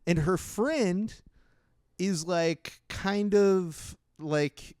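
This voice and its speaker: A man hosts a comedy podcast with a smooth, slightly high voice. He chats loosely, laughing and tossing in "dude" often. The close mic sounds dry. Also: extremely slow, darkish tone, dry recording. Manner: laughs a lot, says "dude", puts on voices for quotes. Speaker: podcast host. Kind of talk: casual comedy podcast chat.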